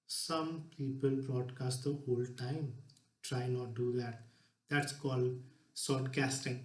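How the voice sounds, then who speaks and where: A man giving a public talk from a stage to a live audience, speaking in a lively, demonstrative way. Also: mid-range voice, slow, roomy sound. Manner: lively, demonstrative, shifts voice to show examples.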